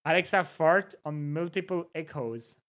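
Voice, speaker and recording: A woman hosting a casual livestream, reacting to videos with giggly, animated chatter. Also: deep voice, measured pace. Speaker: livestream host.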